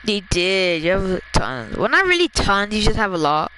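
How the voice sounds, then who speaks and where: A gamer chatting casually during a match, excitable and quick to laugh, giving a teammate quick instructions. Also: mid-range voice, slight background noise, rough recording. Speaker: gamer playing with a friend. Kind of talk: casual gameplay chat.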